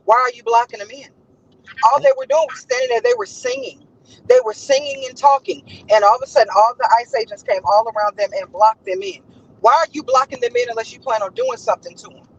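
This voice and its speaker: A woman with a high, Los flavored voice delivers passionate commentary as a host. She speaks emphatically and with indignation, repeating points for force. The audio is dull and lo-fi. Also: very animated, fast talker, husky. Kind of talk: casual commentary.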